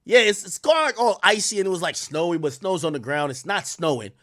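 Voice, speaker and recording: A man hosting a live stream, telling a story in a profane, excitable way that swings from loud outbursts to low mutters. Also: brisk, dry recording, studio quality. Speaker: streamer host.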